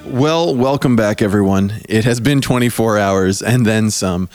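Tucked into a small basement corner at a camp, a man hosts a podcast into a studio microphone, joking, rambling and poking fun at himself while his voice goes hoarse. He speaks at a moderate pace with a fairly low pitch and fairly even intonation, with music playing underneath.

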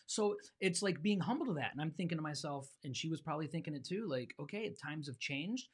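Calm, reflective man podcast co-host. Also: fairly high pitch, a little fast, husky. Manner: calm, reflective, explains step by step. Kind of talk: casual chat.

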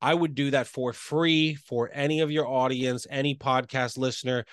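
A man speaking as a podcast guest and real estate coach, talking quickly and earnestly and often checking in with "right?". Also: medium pitch, fairly even intonation, clean tone, dry recording, studio quality. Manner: earnest, fast, enthusiastic talker with frequent "right?" tags.

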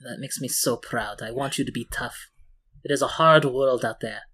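A game master voicing a poised, cutting older French mother, speaking softly and slowly in a tabletop game. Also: medium pitch, lightly acted. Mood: tender, proud.

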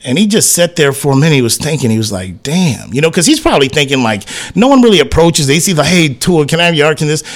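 A man's voice: a little high, fast talker, hardly any pauses. A man co-hosting a sports talk radio show, telling a casual story and acting out the quoted dialogue, with "man" and "whatever" peppered through his speech. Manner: animated anecdote teller who acts out quoted dialogue, frequent "man" and "whatever".

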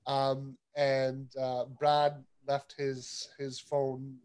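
A man's voice: mid-range voice, drawn-out words, clear, resonant tone. A man hosting a casual panel chat, telling stories with a lot of laughter. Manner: lively, storytelling, laughs often. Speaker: podcast host.

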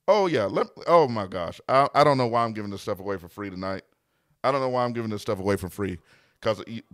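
A man's voice: lowish voice, no echo, studio quality. A man who is a pastor and podcast host, talking in a preaching style and repeating key lines for emphasis.

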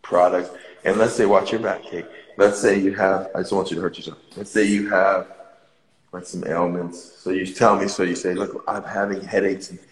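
A man giving a relaxed, enthusiastic tour of his indoor studio over a phone live stream, often repeating phrases. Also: low voice, normal speed, reverberant, low-quality recording. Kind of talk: casual walkthrough on a live stream.

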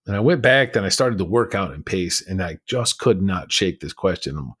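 A man's voice: low voice, animated, moderate pace, few pauses, fairly bright tone, husky. A man on a podcast, telling his personal story in a candid, emphatic way. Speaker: podcast guest.

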